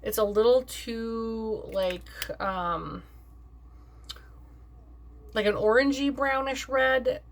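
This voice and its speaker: Chatty upbeat woman vlogger. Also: medium pitch. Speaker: beauty vlogger. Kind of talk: casual makeup review chat.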